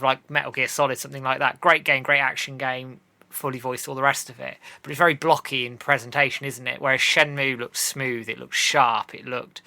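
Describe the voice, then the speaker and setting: A man's voice: medium pitch, creaky, sharp tone, no echo. A man, a podcast guest, telling a story in a casual chat and acting out his own past reactions.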